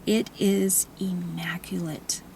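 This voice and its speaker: A woman voicing an older silver-haired male jeweler with a French accent, formal and hushed, in an audiobook reading. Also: fairly low pitch, fairly even intonation, slight background noise, rough recording. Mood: reverent. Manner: formal, reverent, slow and hushed.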